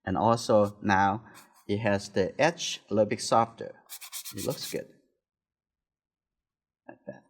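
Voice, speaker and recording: Soft-spoken man teaching painting. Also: on the low side, fairly even intonation, normal speed. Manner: soft-spoken, talks while painting, nonnative phrasing. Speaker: art teacher. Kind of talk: painting demonstration.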